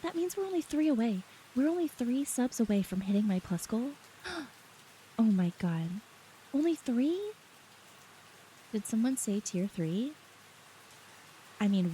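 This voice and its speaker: A woman streamer chatting softly and giggling often as she greets her chat, close to the mic with faint rain behind. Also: fairly high pitch, slight background noise, low-quality recording. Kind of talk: soft-spoken live-stream chat. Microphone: close ASMR microphone.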